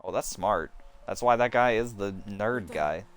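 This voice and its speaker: A man streaming a game live, reacting with blunt, excitable commentary and swearing. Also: on the low side, unhurried.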